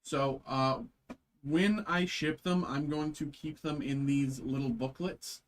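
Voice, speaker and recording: A man's voice: fairly high pitch, slow, slight background noise. A man hosting a live card-opening stream, chatting casually with lots of fillers, restarts and self-deprecating jokes. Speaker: card break host.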